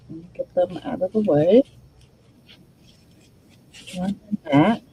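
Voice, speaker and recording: Slow, mellow-voiced woman crafting and chatting. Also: lowish voice, a little hiss or hum, poor audio. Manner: thinks aloud while working, chatty asides. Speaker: crafting channel host. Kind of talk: casual crafting demo, talking to viewers.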